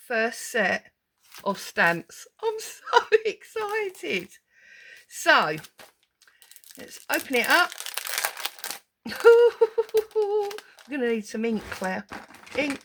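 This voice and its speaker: Giddy, excitable woman. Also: a little high. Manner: giddy, excitable, talks to herself. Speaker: crafting channel host. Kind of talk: casual crafting vlog, unboxing. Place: at a crafting desk indoors.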